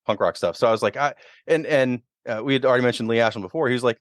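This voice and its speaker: On a casual podcast, a guest musician with a mid-range voice rattles off stories at high speed, voicing quoted lines with animation. The sound is studio quality and dry.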